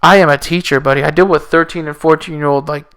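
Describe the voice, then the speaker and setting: Male teacher and podcast host; smooth, slightly high voice, sarcastic and rambling. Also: fairly even intonation, fast, a bit bright. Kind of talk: casual solo podcast talk.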